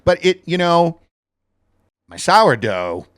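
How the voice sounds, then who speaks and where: A man co-hosting a casual chat, telling stories in a rambling, animated way. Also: on the high side, slow pace, smooth. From Texas, US. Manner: rambling, animated storytelling with laughs. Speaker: co-host.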